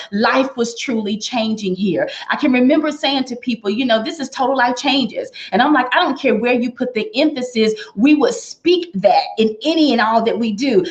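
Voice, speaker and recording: A woman's voice: mid-range voice, highs cut off. A woman giving an earnest personal testimony about her experience with a company's products, acting out what people said to her. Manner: earnest storytelling, acts out quoted remarks.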